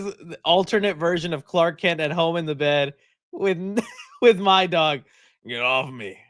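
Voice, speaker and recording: A man's voice: a little high, fairly bright tone, no room sound, studio quality. A young man hosting a live stream, chatting casually, joking and laughing often as he rambles.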